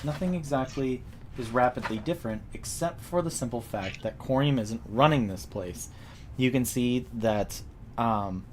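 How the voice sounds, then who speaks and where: A man narrating a tabletop role-playing game as game master, describing scenes in a relaxed way with fillers. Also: mid-range voice, a little hiss or hum.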